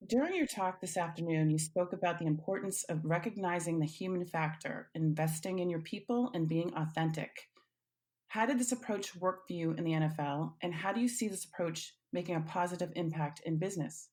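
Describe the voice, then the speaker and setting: A woman's voice: fairly low pitch, brisk, a little mellow. Woman interviewer reading questions. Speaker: interviewer, magazine editor.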